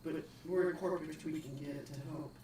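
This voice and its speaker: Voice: mid-range voice, fairly even intonation, quick pace, dark tone, distant mic. A co-host and producer trading dry teasing banter in casual talk. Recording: echoey room, off-mic, faint noise.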